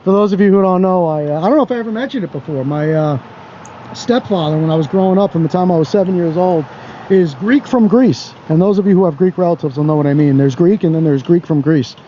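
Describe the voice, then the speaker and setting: Mocking male videographer, high mellow voice, dull clip audio. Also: fast talker, slight background noise. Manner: blunt, profane, mocking. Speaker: camera-carrying auditor. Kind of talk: narrating while filming outdoors.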